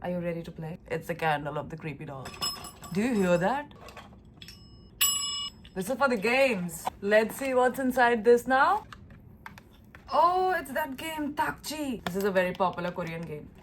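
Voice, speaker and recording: A woman's voice: medium pitch, lively intonation, moderate pace, pauses often, background noise. A young woman from India talking casually to camera in a vlog, chatty and emotional, gushing over everything. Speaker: lifestyle vlogger.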